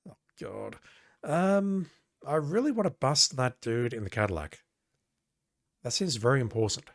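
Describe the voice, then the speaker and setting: A man's voice: medium pitch, animated, unhurried, gravelly, long pauses. A man casually playing an old adventure game, reading its text aloud and making wry asides with occasional swearing. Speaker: let's play host.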